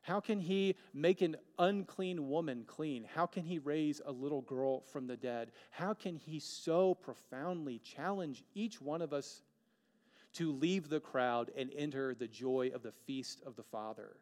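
A man's voice: fairly high pitch, unhurried, darkish tone, long reverb tail. A man preaching a sermon as a pastor, earnest, with rhetorical questions and dramatic shifts of pace.

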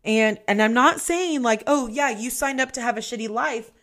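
A young adult woman hosting a podcast, telling a personal story in a candid, profane, animated way. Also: a little high, normal speed. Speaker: podcast host.

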